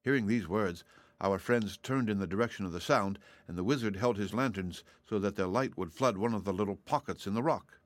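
Low-voiced man reading a storybook. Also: fairly quick, no echo. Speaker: narrator. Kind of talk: audiobook reading.

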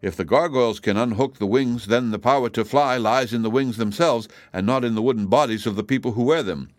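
A man voicing a calm, kindly little old wizard in an audiobook reading. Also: medium pitch, brisk, dry recording, lightly acted.

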